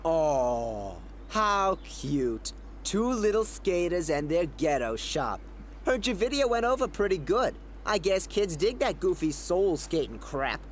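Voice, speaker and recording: Smug mocking skater rival, high and bouncy, game cutscene, bit of hiss. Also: male voice, big pitch swings, slow pace, full character voice. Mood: taunting. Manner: sneering, mocking. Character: smug young male skater rival, taunting. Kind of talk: video game cutscene acting.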